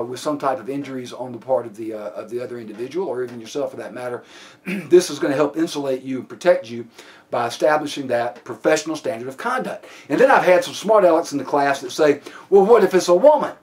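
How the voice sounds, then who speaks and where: A man's voice: mid-range voice, lively intonation, fast. A man lecturing a police training class, plainspoken and given to restarts and repeated words. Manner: plainspoken, many restarts and fillers.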